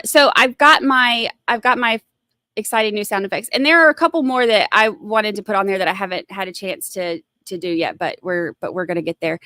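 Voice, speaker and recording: A woman's voice: fairly high pitch, bright, forceful tone, no room sound, studio quality. A woman hosting a casual livestream, rambling and giggling at herself between topics. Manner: giggly, rambling, self-mocking. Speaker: livestream host.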